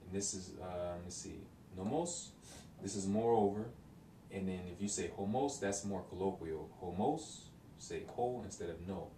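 A man casually explaining vocabulary from his study notes, thinking aloud with many pauses and ums, recorded in a room from a distance. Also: low voice, warm tone, slight background noise. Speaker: language learner explaining vocabulary. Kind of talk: casual self-recorded lesson. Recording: roomy, distant mic with faint ambience.

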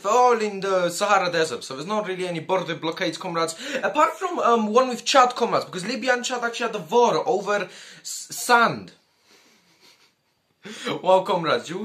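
Brief: high-voiced male YouTuber, profane comedic commentary, addresses viewers as comrades. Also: pushed and bright. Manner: crude, profane and joking, calls the audience comrades.

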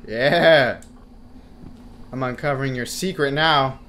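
A man's voice: takes it slowly, noisy background. Jumpy young man playing a horror game. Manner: jumpy and excitable, yells at the game, then talks low and taunting. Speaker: gaming YouTuber. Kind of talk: horror game let's play commentary.

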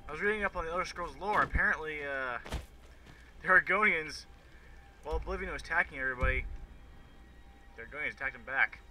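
A man's voice: on the high side, fast talker, pauses often, sharp tone, slight background noise, rough recording. Profane rambling let's-play gamer man. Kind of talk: casual gameplay commentary.

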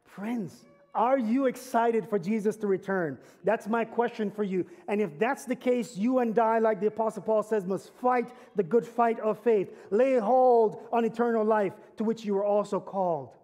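A man's voice: sits high, moderate pace, hardly any pauses, mellow. A man, a pastor, preaching a sermon earnestly, building to emphatic climaxes and telling stories with light humor. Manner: conversational storytelling with humor.

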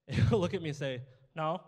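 A man's voice: fairly high pitch, animated, a little fast, dark tone, breathy edge. A young man preaching a sermon as pastor, telling funny family stories and acting out the dialogue. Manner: humorous storytelling, acts out dialogue. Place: church sanctuary. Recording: church hall reverb.

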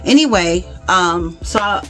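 Animated woman telling a story. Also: on the low side, measured pace, soft background music. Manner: animated, exasperated storytelling with asides to viewers. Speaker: home vlogger. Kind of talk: casual storytime.

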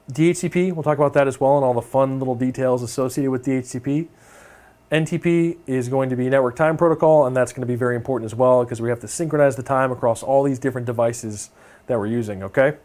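A man's voice: mid-range voice, darkish tone. Young guy teaching networking stuff, laid back, lots of ums and okays. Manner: casual, filler-heavy, keeps checking in with okay. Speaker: networking instructor. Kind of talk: technical lecture over screen demo.

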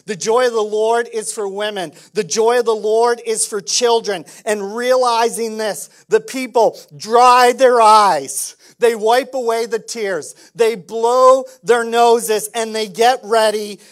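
A man pastor preaching a sermon at an unhurried pace. He is animated and playful, acting out little dialogues, and he swings from soft asides to loud calls. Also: high-pitched.

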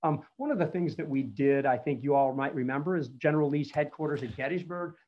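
A man's voice: on the high side, fairly quick. Chatty man in his fifties, muffled. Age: 50s. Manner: chatty storytelling with frequent fillers. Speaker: battlefield preservation speaker. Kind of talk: conversational online history talk. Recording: muffled lo-fi audio.

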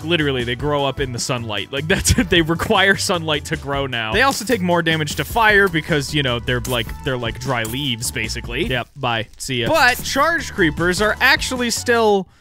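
An excitable man commentates on a game as he plays. He laughs often and talks straight to the creatures. His voice is high and swings widely, and music runs underneath. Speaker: gaming video host.

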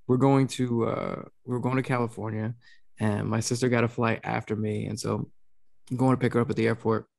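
A man hosting a podcast, telling a funny story in a casual, animated way at home over a video call. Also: fairly quick, vocal fry. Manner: animated storyteller, imitates his dad in a low mumble. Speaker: podcast host.

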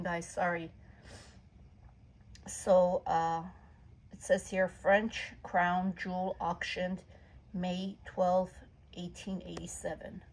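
A woman vlogger showing her collection of jewelry books in a casual show-and-tell, talking softly and admiringly and stumbling when she reads aloud. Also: fairly low pitch, low-quality recording. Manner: slow, soft-spoken, admiring, stumbles when reading aloud.

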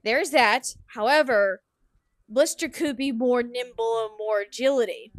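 A woman's voice: on the high side, measured pace, no echo, studio quality. A young woman hosting a casual game livestream, chatting and giggling with viewers and breaking into yawns. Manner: giggly, chatty, yawning between sentences. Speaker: streamer and game host. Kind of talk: casual livestream chat while playing.

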